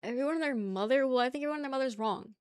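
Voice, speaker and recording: A woman's voice: sits high, racing, smooth, no room sound, clean studio sound. A woman chatting casually with her live-stream chat, laughing often and arguing playfully. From New York.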